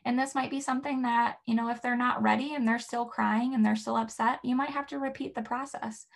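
Woman, early childhood educator, gravelly voice pitched a bit high, gentle instructional delivery. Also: steady tone, brisk. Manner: gentle, models soothing words to a baby in a soft higher voice. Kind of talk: instructional talk to parents.

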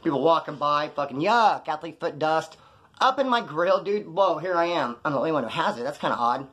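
A man's voice: fairly high pitch, lively intonation, fairly quick, fairly bright tone. A man from California telling jail stories in a casual, profane, rambling way, acting out other people's lines as he goes. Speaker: storyteller recounting jail time. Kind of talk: casual storytelling.

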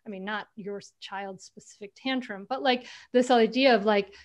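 A woman author talking casually as a guest on a video call interview, animated and laughing often as she tells stories. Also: medium pitch, moderate pace, muffled recording.

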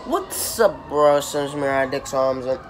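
A man's voice: mid-range voice, lively intonation, a little slow. A young man hosting a casual reaction video from his apartment. He rambles, repeats himself and corrects himself mid-sentence. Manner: rambling, repetitive, self-correcting. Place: apartment room. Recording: noisy home recording.

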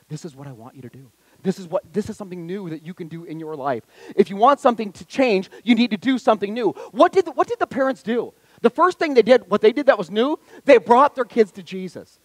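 A male pastor preaching a sermon with lots of energy, moving between loud calls to the congregation and quiet, tender appeals. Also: high voice, no echo, poor audio. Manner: energetic, swings from loud exhortation to hushed intimacy. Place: church sanctuary.

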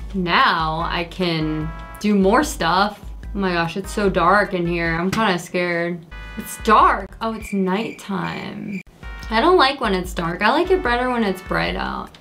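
A young woman giving casual, excitable commentary while playing a video game for the first time, yelping at enemies. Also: medium pitch, slow, soft background music. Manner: excitable, yelps and scolds at enemies. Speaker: gaming creator. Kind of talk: casual let's play commentary.

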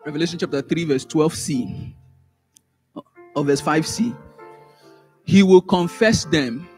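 A man teaching a Sunday school class. He repeats words, restarts phrases and swings up sharply in pitch and loudness when he stresses a point. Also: measured pace, faint music behind. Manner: animated, rises sharply in pitch and volume for emphasis, trails off in asides. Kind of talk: church Bible teaching.

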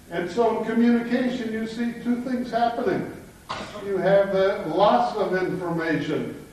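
A man's voice: sits high, darkish tone. A man giving a classroom lecture to students, mixing in jokes and chuckling at his own punchlines. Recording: echoey hall from far off.

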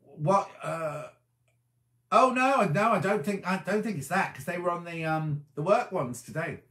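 A man's voice: high voice, animated, a little slow, bright, forceful tone, reverberant. A tired man hosting a casual live-stream chat, rambling as he answers viewers' comments. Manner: chatty, rambling, reads comments aloud and answers them. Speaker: host.

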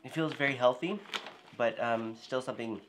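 A man from Houston in a casual taste-test chat, relaxed and hesitant, filling pauses with "like" and "um". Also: mid-range voice, music in the background. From Houston, Texas.

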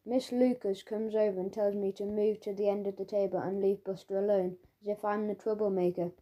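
A woman narrating a children's audiobook in the first person as a schoolboy, in a lively storytelling manner, recorded on a studio microphone. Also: medium pitch, a little fast, muffled recording.

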